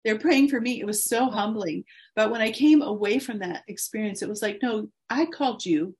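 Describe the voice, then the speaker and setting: A woman in her forties, a guest in an interview, speaking earnestly and encouragingly about her faith with soft laughs. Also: medium pitch, a little fast, slightly rough.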